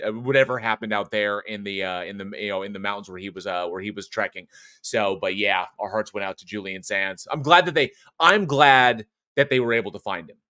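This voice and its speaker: A man's voice: on the low side, bright, forceful tone, clear, resonant tone, no room sound, studio quality. A man hosting a horror podcast in casual live chat, rambling and chuckling as he reads viewer comments. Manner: rambling, chatty, many restarts and chuckles. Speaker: podcast host.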